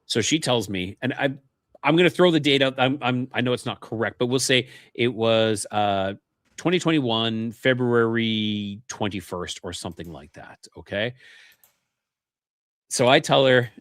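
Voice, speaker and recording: A man's voice: medium pitch, measured pace, a bit bright, no room sound, clean studio sound. A man from Canada, a podcast guest, telling a personal story in a casual, earnest way and acting out the remembered dialogue.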